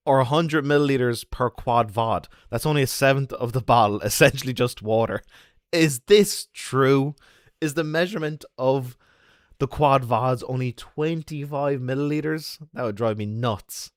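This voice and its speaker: An Irish man streaming, talking casually and rambling to his viewers. His voice is dry and close, with a mid-range pitch for a man. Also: measured pace, no echo. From Ireland. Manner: chatty, rambling.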